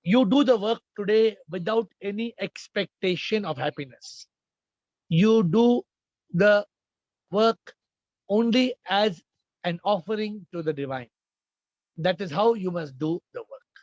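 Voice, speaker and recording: High-voiced man giving emphatic spiritual answers. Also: measured pace, long pauses, darkish tone, no room sound, muffled recording. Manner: repetitive, emphatic, questioning the audience. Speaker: spiritual teacher answering questions. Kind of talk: informal spiritual Q&A talk.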